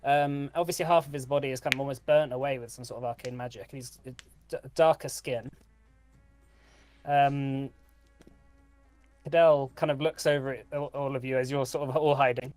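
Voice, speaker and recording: A man narrating a tabletop game as game master, halting with fillers and laughs. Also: medium pitch, fairly even intonation, a little mellow, no room sound.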